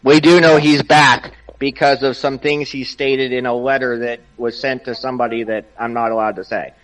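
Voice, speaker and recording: A man in a casual group voice chat, ranting and swearing in an animated way. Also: medium pitch, normal speed, rough recording. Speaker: podcast participant.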